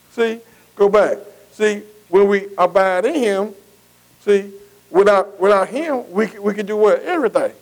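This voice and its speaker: A man's voice: high-pitched, poor audio. A man preaching a sermon, repeating phrases and calling out to the congregation. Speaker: pastor.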